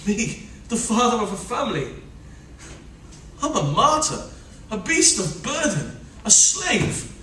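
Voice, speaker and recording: A man's voice: high-pitched, big pitch swings, unhurried, fairly bright tone, distant mic, a little hiss or hum, exaggerated voice. An actor playing a harried middle-aged official and overworked family man, pleading and complaining melodramatically in a stage rehearsal, recorded from afar in an echoey room. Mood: despairing.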